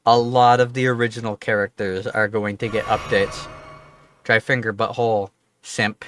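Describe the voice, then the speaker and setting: A man's voice: lowish voice, little pitch movement, normal speed, a bit bright, slight background noise. A man streaming a game, chatting casually in a rambling, profane, offhand way. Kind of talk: casual livestream chat.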